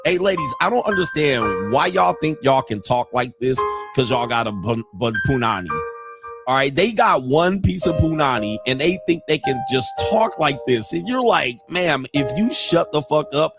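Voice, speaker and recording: A man's voice: mid-range voice, big pitch swings, normal speed, music in the background. A man hosting a reaction video, giving brash, crude commentary and mocking the people he watches. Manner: brash, laughing, mock-quoting others.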